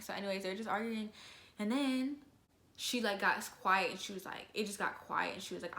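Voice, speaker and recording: A young woman telling a story to camera in a casual, slangy, animated way. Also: medium pitch, fairly quick, gravelly, reverberant. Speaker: vlogger.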